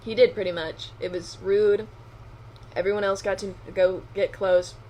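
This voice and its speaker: A woman's voice: mid-range voice, fairly even intonation, dark tone, a little hiss or hum. Chatty young woman podcast co-host. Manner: chatty, quick asides, laughing often. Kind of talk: casual chat.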